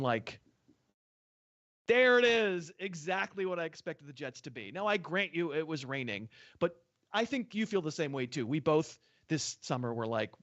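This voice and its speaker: Over lo-fi sound, a podcast co-host with a medium-pitched voice talks sports betting in a casual, joking way. He's animated and laughs a lot.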